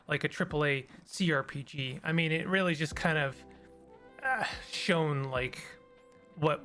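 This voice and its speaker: A man's voice: fairly high pitch, pushed and bright. A man hosting a casual solo commentary on games, talking in a rambling, tired and cynical way with many restarts. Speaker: gaming video host.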